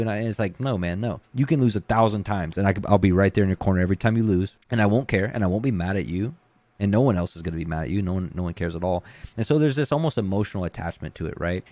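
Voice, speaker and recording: A man's voice: fairly low pitch, no room sound. A man who coaches jiu-jitsu, talking casually in an interview with lots of "you know" and "like". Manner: relaxed, conversational, many fillers like "you know".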